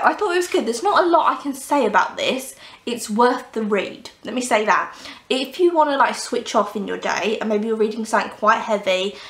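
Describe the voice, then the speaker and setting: A woman's voice: fairly high pitch, fairly bright tone. Chatty, enthusiastic young woman in an echoey room. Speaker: book vlogger. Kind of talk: casual book review vlog. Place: indoors at home, under a blanket.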